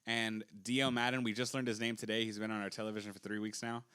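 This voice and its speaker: A young man co-hosting a casual wrestling podcast, blunt and opinionated, sometimes dropping low and flat. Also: fast talker, clear, resonant tone. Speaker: podcast co-host. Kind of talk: casual chat.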